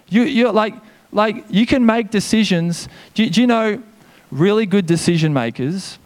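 A man delivers a sermon with a fairly high voice. He preaches with energy and a casual, chatty manner, dropping quick asides to the congregation. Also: darkish tone. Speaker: pastor.

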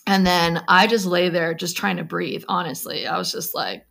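A woman with a creaky, gravelly edge recounts her experience in a candid interview. She talks loosely, with frequent fillers and restarts. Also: fairly low pitch, fairly even intonation, normal speed, fairly bright tone. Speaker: guest recounting a personal story.

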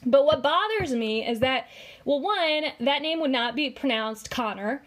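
A woman's voice: high voice, lively intonation, a little slow, fairly bright tone. A woman co-hosting a casual commentary podcast, chatty and heavy on fillers as she explains. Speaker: podcast co-host.

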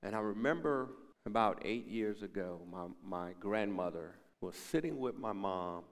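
A man pastor preaching a sermon, building to loud emphatic peaks and dropping to hushed, almost whispered moments, quoting scripture in old-fashioned wording. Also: fairly low pitch, lively intonation, a little slow, in a large hall. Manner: preaching with swelling emphasis and soft hushed drops; quotes scripture in King James wording.

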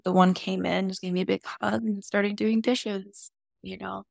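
A woman's voice: mid-range voice, flat delivery, moderate pace, gravelly, dry recording, clean studio sound. A woman guest on a podcast, candidly telling a personal story in an open, emotional and casual way, with some swearing.

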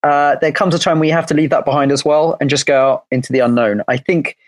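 A man's voice: fairly high pitch, steady tone, fast, no room sound, poor audio. Upbeat guy coaching on a call, joking around, dry close mic. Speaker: guest coach. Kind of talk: casual chat.

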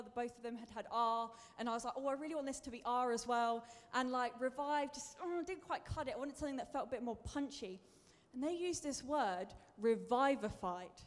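A woman preacher giving a sermon in a chatty, self-deprecating way, building to emphatic bursts. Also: high voice. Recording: long reverb of a large hall.

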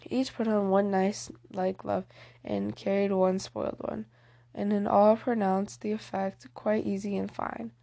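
A woman's voice: mid-range voice, flat delivery, a little slow, mellow. A woman reading a novel aloud as an audiobook, plainly, with small slips and restarts. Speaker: audiobook reader. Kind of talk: audiobook narration.

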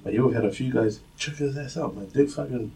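A man, co-hosting a casual podcast chat and telling animated, swear-filled stories, acting out what people said. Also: medium pitch, a little fast, creaky. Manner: animated storyteller, swears freely, acts out quotes. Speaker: podcast co-host. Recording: distant mic, faint room ambience.

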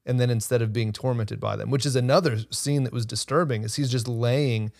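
A man's voice: medium pitch, fairly even intonation, a little fast, vocal fry, darkish tone, no echo, studio quality. A man co-hosting a faith-based podcast, speaking earnestly and hesitantly, often repeating words as he thinks. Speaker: podcast co-host. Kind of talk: casual faith-based discussion.

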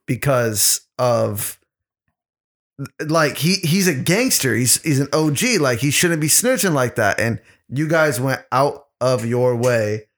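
A man hosting a comedy podcast, telling crude stories in a rambling, profane way. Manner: rambling, profane, gets louder and higher when excited. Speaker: podcast host.

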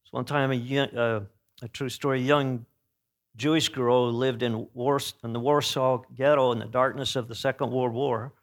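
A man preaching an earnest sermon. He swings between emphatic peaks and hushed, solemn passages, and often corrects himself mid-phrase. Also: medium pitch, fairly even intonation, moderate pace. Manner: frequent self-corrections and restarts.

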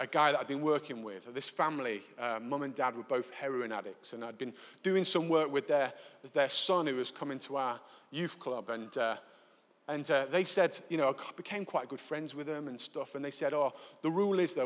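A male preacher tells a personal story during a live sermon, animated and self-deprecating. His voice sits a little high and rings bright and forceful. A long reverb from the church hall follows his words.

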